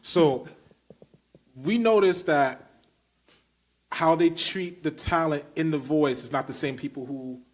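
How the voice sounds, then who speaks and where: This man's voice is a little high, and he talks slowly, pausing often. He's a Brooklyn-accented podcast host from New York, eager and emphatic in casual conversation, with slangy, loose wording.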